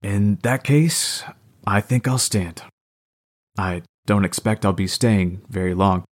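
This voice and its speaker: A man's voice: on the low side, slow pace. A man reading as a sarcastic, cocky publisher. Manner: sarcastic, mocking. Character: male book publisher, sarcastic and cocky, adult. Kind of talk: audiobook character reading.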